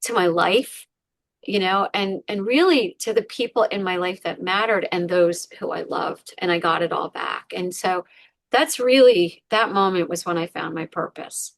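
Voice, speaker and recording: A woman's voice: on the low side, normal speed, vocal fry, no echo. A woman, a podcast guest, candidly retelling a painful personal story with many fillers. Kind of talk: emotional personal story in an interview.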